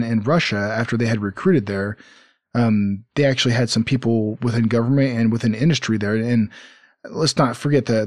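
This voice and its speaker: A man's voice: mid-range voice, a little mellow, no room sound, studio quality. A man hosting a casual podcast, rambling with many fillers and restarts. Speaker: podcast host.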